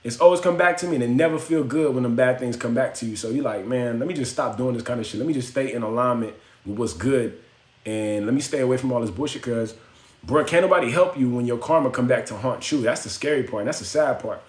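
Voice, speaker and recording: Hosting a livestream from his phone in an echoey room, a man with a medium-pitched voice tells a story quickly to his live chat. He uses casual slang and acts out the voices of the people involved.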